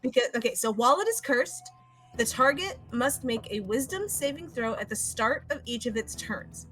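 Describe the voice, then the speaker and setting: A woman's voice: a little high, animated, moderate pace, fairly bright tone, low-quality recording. A woman playing a tabletop role-playing game, explaining her moves with playful asides over faint background music. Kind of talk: casual tabletop game play. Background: faint fantasy background music.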